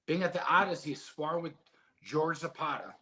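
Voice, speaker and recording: A middle-aged man speaks in a fairly high, bright, forceful voice. He is a former boxer who tells his stories in an animated, emotional, casual way, and he swears freely. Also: normal speed. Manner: emotional, animated storytelling with profanity. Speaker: guest, former heavyweight boxer. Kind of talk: casual interview storytelling.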